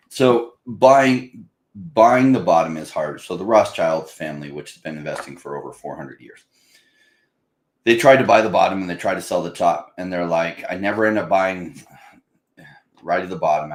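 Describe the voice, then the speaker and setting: A man hosting a casual talk about investing, animated and quick to act out panicked buyers in a higher voice. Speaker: crypto channel host. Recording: roomy echo.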